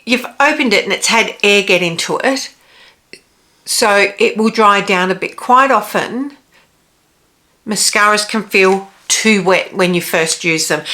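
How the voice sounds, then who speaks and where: A woman's voice: mid-range voice, pushed and bright. A woman in her forties, a beauty vlogger, doing a casual makeup review and giving chatty, practical tips straight to her viewers. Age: 40s.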